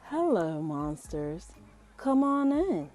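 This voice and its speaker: A woman voicing a kindly, patient old mummy teacher who speaks in rhyme, slow and teacherly, for a storybook reading. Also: fairly low pitch, big pitch swings, darkish tone, faint music behind. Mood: rhyming.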